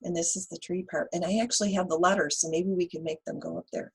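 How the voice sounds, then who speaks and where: A woman teacher reading a picture book aloud to young children, animated and asking them questions. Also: lowish voice, quick pace, slightly rough, low-quality recording. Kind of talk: children's read-aloud lesson.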